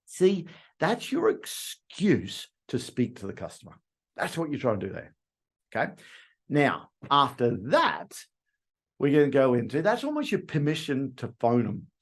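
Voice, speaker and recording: A man's voice: mid-range voice, moderate pace, husky. A middle-aged man from Australia, training car salespeople and acting out phone calls to customers. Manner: animated, acts out customer calls in quotes. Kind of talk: training talk with role-played phone calls.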